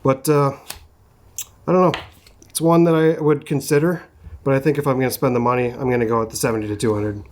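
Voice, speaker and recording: A man's voice: medium pitch, fast talker, pauses often. Casual chatty young man from Minnesota. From Minnesota, USA. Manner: relaxed and chatty, with lots of fillers like "like" and "um". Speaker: host, photographer. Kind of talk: casual chat reviewing a lens. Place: outdoors at a rocky sunset spot. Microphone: compact shotgun mic on camera.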